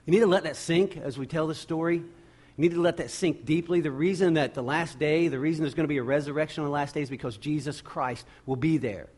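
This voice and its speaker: Man preaching an animated sermon. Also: on the high side. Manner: animated storytelling with dramatic pauses and repeated words. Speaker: pastor.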